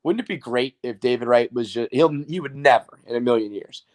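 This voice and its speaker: A man hosting a sports podcast, chatting loosely and swearing freely. His voice sits at an ordinary middle pitch, and he gets worked up and excited as he riffs. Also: fairly quick. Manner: profane, excitable sports banter. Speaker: podcast host. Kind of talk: casual chat.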